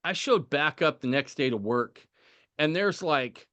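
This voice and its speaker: A male podcast host telling a story in a casual, animated way, often tagging his sentences with "right?". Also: fairly high pitch, unhurried, dull audio.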